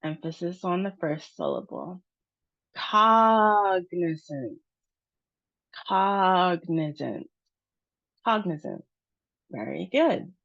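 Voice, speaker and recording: A woman teaching English pronunciation in a slow, deliberate lesson, drawing out each model word. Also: on the low side, animated, gravelly, husky. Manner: drawn-out model words. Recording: dull, lo-fi recording.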